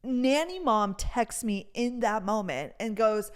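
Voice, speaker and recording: A young woman hosting a podcast, telling a story in a chatty, animated way and saying "like" a lot. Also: on the high side, slow, clean tone. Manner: chatty, heavy on "like," animated retelling. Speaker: podcast host. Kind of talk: casual storytime chat.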